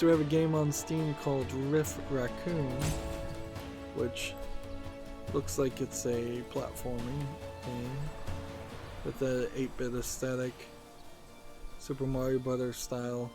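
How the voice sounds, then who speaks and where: A man hosts a relaxed let's-play, wandering from thought to thought with plenty of fillers. His voice sits at an ordinary middle pitch. Game music runs clearly underneath. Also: slow, pauses often. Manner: rambling, thinking aloud with many fillers. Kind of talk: casual gaming commentary.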